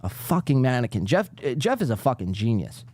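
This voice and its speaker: A man's voice: a little fast, no echo. A man hosting a live podcast, ranting in a profane, sarcastic way while reacting to clips. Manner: lively, jumpy pitch. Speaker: podcast host. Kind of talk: casual live-stream commentary.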